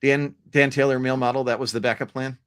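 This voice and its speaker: A man's voice: mid-range voice, fairly even intonation, a bit bright, smooth. Playful, storytelling man in his forties. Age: 40s. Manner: playful storyteller, halting restarts. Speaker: host. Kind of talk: casual panel chat.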